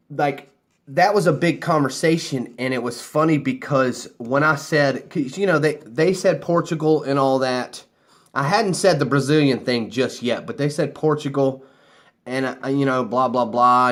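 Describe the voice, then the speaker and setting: A man's voice: medium pitch, fairly bright tone. An American man telling a rambling story casually to camera, loose and a few drinks in. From United States. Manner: rambling, laughing, loose and chatty. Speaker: vlogger.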